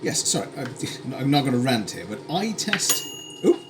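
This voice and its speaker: A man's voice: mid-range voice, sing-song, moderate pace, background noise. A British man chatting wryly while he cooks on a live stream, wandering into tangents and dry asides. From United Kingdom. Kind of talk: casual cooking stream chat. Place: home kitchen.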